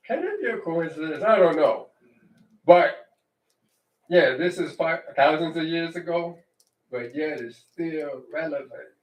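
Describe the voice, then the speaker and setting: A man giving an informal sermon on the weekly Bible reading, talking conversationally, often checking in with "right?" and restarting his phrases. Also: mid-range voice. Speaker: congregation teacher. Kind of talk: informal Torah-portion sermon. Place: congregation hall. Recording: echoey room, distant mic.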